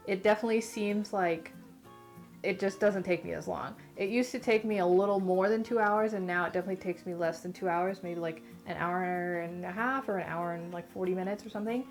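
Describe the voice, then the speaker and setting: A woman's voice: medium pitch, brisk, faint music behind. A young Californian woman in a casual vlog, chatty and rambling with lots of "like", her speech slightly muffled after dental surgery. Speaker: beauty vlogger. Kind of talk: casual chat to camera.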